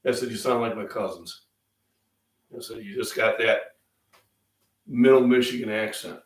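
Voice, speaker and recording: A man's voice: lowish voice, steady tone, moderate pace. Midwest guy rambling on his breakfast chat, a bit sick, kinda far from the mic in an echoey room. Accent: Midwestern American. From Illinois, US Midwest. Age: middle-aged. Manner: rambling, chatty, frequent fillers. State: under the weather, coughing and throat-clearing. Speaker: fitness channel host. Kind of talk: casual live-stream breakfast chat.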